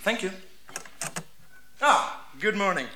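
A man's voice: high voice, lively intonation, slow, bright, forceful tone, heavily acted. A Scottish man playing a falsely sweet male job interviewer with a gushing, mock-polite manner. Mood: mock-nice. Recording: live audience laughing.

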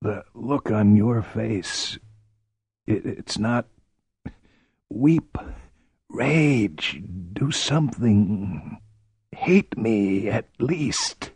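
Narrator voicing a hoarse, growling lord; low gravelly croak, dry, slightly dull audio. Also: male voice, lively intonation, drawn-out words, long pauses, a little mellow, dry recording, exaggerated voice. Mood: anguished. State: hoarse, coughing. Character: poisoned lord, gruff and commanding.

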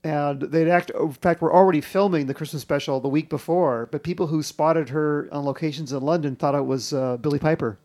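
A man hosting a television podcast, narrating in a measured, informative way. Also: fairly high pitch, a little mellow. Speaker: podcast host. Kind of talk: scripted narration and chat.

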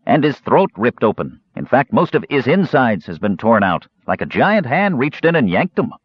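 A man reading an audiobook, voicing a rough town guard who speaks bluntly and coarsely. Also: medium pitch, very animated, normal speed, dry recording, voice pushed up. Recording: slightly muffled dry recording.

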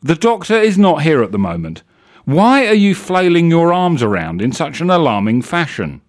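A man's voice: on the high side, huge pitch swings, moderate pace, pitched above the performer's own voice. A man voicing a prim, fanatical male scientist's assistant who speaks with haughty disdain.

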